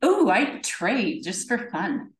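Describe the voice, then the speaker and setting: A woman guest on a podcast interview, cheerful and quick to laugh. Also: mid-range voice, sing-song. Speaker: guest, executive coach. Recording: echoey room.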